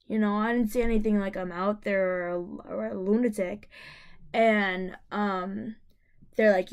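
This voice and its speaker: A woman's voice: mid-range voice, steady tone, normal speed, darkish tone. A young woman vlogger telling a personal story to camera, emotional and rambling, with many fillers and restarts.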